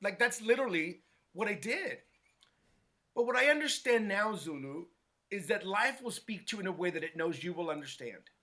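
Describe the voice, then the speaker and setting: A middle-aged man telling stories from his life in a casual interview, animated and acting out quoted voices, often checking in with "right?". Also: high voice, normal speed. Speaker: guest, hair stylist.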